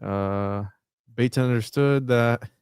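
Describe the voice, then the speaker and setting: Smooth-voiced man reading aloud, dry sound. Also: medium pitch, darkish tone, no echo. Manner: halting reading with wry asides. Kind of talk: casual chat, reading an article aloud.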